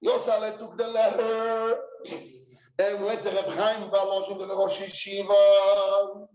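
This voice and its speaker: Yeshiva head, animated storytelling lecture, very high voice; dull sound. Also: male voice, unhurried. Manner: animated, dramatic retelling. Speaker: rosh yeshiva. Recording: echoey room, dull sound.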